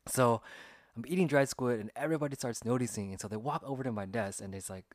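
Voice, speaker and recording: A man's voice: mid-range voice, fast talker, no room sound, clean studio sound. A man hosting his own podcast, telling a story in a loose, rambling way with many fillers and restarts. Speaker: podcast host. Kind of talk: casual storytelling monologue. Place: home recording in Los Angeles.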